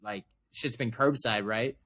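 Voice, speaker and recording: A man's voice: mid-range voice, unhurried. A man co-hosting a podcast, telling a story in casual, profane chat and acting out the people in it. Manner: animated storytelling, acts out quoted voices. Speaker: podcast co-host.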